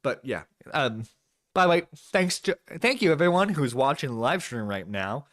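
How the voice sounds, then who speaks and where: A man's voice: medium pitch, sing-song, moderate pace, a bit bright, no echo, clean studio sound. A man giving an angry reaction commentary on a live stream, ranting and swearing with stammered restarts. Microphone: desk microphone.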